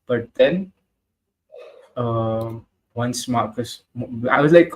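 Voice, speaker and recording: Brief: man in a mid-range voice, blunt and sweary, giving a lively football match reaction. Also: medium pitch, extremely slow, rough recording. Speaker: football podcast co-host. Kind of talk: casual match-reaction chat.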